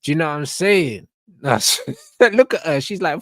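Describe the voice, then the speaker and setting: A man's voice: a little high, very animated, normal speed, fairly bright tone, breathy edge, no echo, clean studio sound. Blunt slangy man ranting. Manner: blunt, slangy, swearing, emphatic. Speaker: reaction channel host. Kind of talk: ranting reaction commentary.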